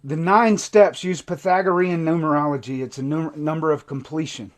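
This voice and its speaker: Recovery coach, male, high-pitched, fervent and emotional, hushed then intense, live stream monologue. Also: fairly even intonation, moderate pace. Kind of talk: impassioned livestream monologue.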